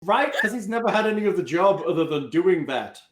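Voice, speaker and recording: A man's voice: high-pitched, animated, brisk. Echoey joking male game master. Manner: jokey, easygoing. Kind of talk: running a tabletop game, casual banter. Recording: echoey room.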